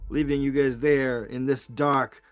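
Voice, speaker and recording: A man narrating a tabletop game as game master, halting, with many fillers and restarts. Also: mid-range voice, little pitch movement, smooth, dry recording, soft background music.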